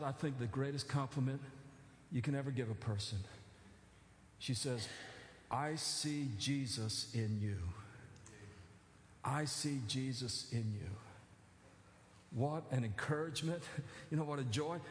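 A man preaching a sermon as pastor, animated, building to near-shouted emphasis with joking asides. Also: a little high, slight background noise. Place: church sanctuary. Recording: echoey church hall.

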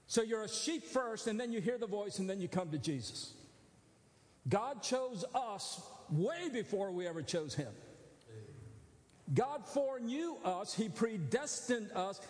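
A man's voice: sits high, a little mellow. A man preaching a sermon as pastor, teaching in a conversational way and checking that his listeners follow. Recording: long church hall reverb.

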